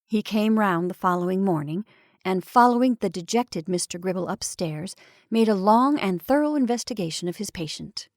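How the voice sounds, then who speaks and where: A woman storyteller reading a short story aloud in a measured, expressive way. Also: medium pitch, dry recording, clean studio sound.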